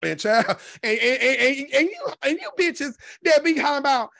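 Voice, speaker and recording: Vlogger, profane gossip commentary, sassy, mid-pitched voice, dry close sound. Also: no echo. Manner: sassy, animated, swears constantly, drawn-out emphasis.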